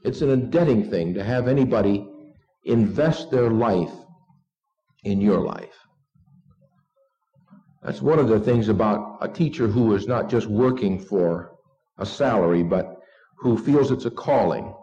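A middle-aged man preaching an evening sermon, earnest and unhurried, leading his listeners to repeat a short text with him. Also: fairly low pitch, warm tone. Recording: dull lo-fi recording.

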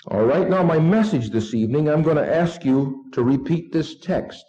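A middle-aged man preaching an evening sermon, earnest and unhurried, leading his listeners to repeat a short text with him. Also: a little high, lively intonation, mellow. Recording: dull lo-fi recording.

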